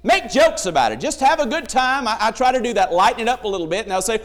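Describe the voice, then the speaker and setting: A man's voice: very high voice, very animated, quick pace, few pauses, a bit bright. A man preaching a sermon, emphatic, telling stories and acting out the voices in them.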